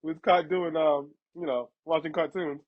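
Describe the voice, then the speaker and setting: Husky-voiced man telling animated stories. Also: normal speed. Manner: animated, laughs through stories, acts out quotes in a higher voice. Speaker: podcast host. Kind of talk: casual storytelling chat. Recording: dull lo-fi sound.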